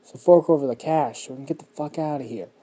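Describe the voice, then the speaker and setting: A man doing a loud, taunting teenage bully. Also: mid-range voice, expressive, fairly quick, vocal fry. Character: loud bullying teenage boy, greedy and mean.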